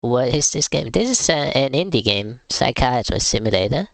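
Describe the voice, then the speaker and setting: A man's voice: mid-range voice, lively intonation, normal speed, gravelly, dry recording. A man streaming a game live, with casual, wry, rambling commentary.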